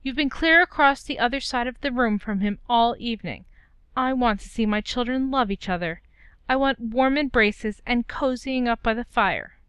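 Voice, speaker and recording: A woman's voice: fairly high pitch, normal speed, fairly bright tone, clean tone, no room sound, lightly acted. Woman doing Mrs Weasley, fussing mother. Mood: motherly. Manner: fussing, firm, affectionate. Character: warm bossy motherly witch, middle-aged.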